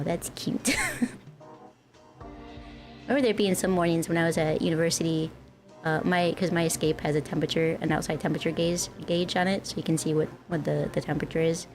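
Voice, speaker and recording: A woman's voice: fairly low pitch, level tone, fairly quick, a little mellow. A young woman from the northern United States, chatting casually with her stream viewers in a rambling, giggly way. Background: faint music.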